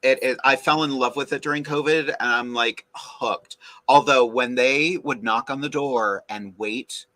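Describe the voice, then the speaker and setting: A man's voice: medium pitch, steady tone, a little slow, hardly any pauses, sharp tone, dry recording. A man hosting a podcast in casual chat, joking with mock indignation and steering to the next question. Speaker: podcast host.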